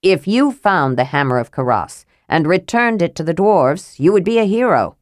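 A woman voicing a thoughtful male half-elf leader who reasons in a measured way. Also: on the low side, sing-song, dry recording, clean studio sound. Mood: reasoning.

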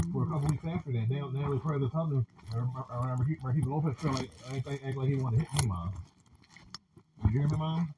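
A man talking at length to his mother in a rambling, repetitive way, often stopping to ask for her agreement. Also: mid-range voice. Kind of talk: rambling home conversation. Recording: loud background noise.

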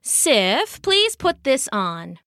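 A sly trickster god, put on by a woman narrator in a storybook reading, all smooth flattery. The voice is bright and lively. It sounds close and dry. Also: sits high, very slow, dry recording, full character voice.

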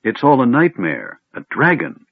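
A man's voice: mid-range voice, huge pitch swings, moderate pace, slightly rough, no echo, pitched above the performer's own voice, full character voice. A man reading an audiobook voices a shaken young elf man who mumbles in despair, on a tinny phone-like recording. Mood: distraught. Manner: mumbling, broken. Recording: tinny phone-like band, dry.

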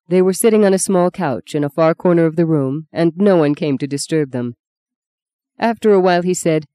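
A measured audiobook narrator reading with even, steady storytelling. The tone is mellow and warm, and the recording is close and dry with no room around it. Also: mid-range voice, no echo.

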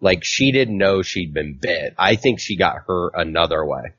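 Deep-voiced man rambling through a recap. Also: animated, moderate pace, fairly bright tone, breathy edge. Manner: rambling, filler-heavy storytelling. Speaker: podcast co-host. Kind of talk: casual comic book recap. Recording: dull, lo-fi mic.

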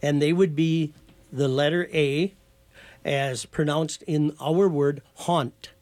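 A man's voice: a little high, steady tone, takes it slowly, darkish tone. A man with a slightly raised speaking voice explains things patiently, in the manner of a lecturer. He now and then spells words out letter by letter as a guest on a talk show. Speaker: guest from a heritage foundation.

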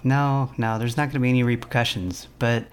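A man's voice: mid-range voice, brisk, smooth. Guy prank calling, smug and teasing, ordinary mid voice. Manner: mocking, taunting, calmly teasing. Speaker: prank caller. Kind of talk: prank phone call.

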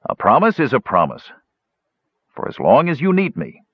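A man voicing a gray-haired, short-tempered male hill dwarf with a gruff, exasperated manner. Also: mid-range voice, wildly swooping pitch, normal speed, no room sound, lo-fi sound, voice pushed up.

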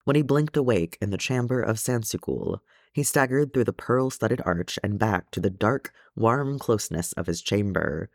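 A man narrating a fan fiction audiobook in a measured, gentle storytelling way. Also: fairly low pitch, lively intonation, dry recording, studio quality. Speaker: audiobook reader.

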